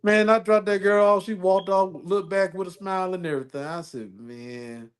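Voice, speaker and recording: A man's voice: high-pitched, steady tone, fairly quick. Rambling man in casual chat. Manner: rambling, repeats phrases, laughs often. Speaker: podcast co-host.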